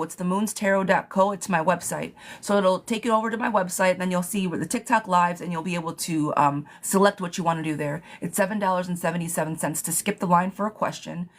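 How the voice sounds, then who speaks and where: Chatty woman giving live tarot readings. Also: fairly low pitch. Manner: chatty, reads viewer questions aloud and thanks them warmly. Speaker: tarot reader.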